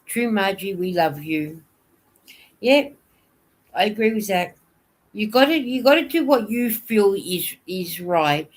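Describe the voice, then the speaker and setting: A woman hosting a casual livestream, chatting and answering viewer comments. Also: lowish voice. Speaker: knitting vlogger hosting a livestream.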